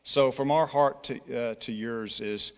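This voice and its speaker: A Scottish man addresses a congregation in an earnest, exhorting way, restarting his phrases as he tells a story. His voice has a middle pitch. It rings with long reverb through a large church hall. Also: a little slow, clear, resonant tone. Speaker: college church relations director. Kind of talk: church presentation with personal story. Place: church sanctuary.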